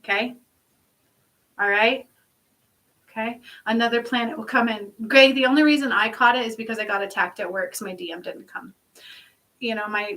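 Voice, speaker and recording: A woman speaking as a spiritual channeler in a casual livestream monologue, excited and rambling, laughing often and dropping into soft asides. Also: mid-range voice, recorded from a distance, low-quality recording. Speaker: spiritual channeler streaming to followers.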